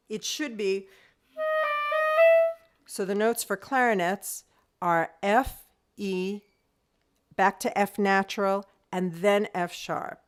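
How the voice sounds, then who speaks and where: A patient woman teaching over a video call. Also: mid-range voice. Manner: patient step-by-step instruction, counting beats aloud; sings rhythm syllables to demonstrate. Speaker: music teacher. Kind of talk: online group music lesson.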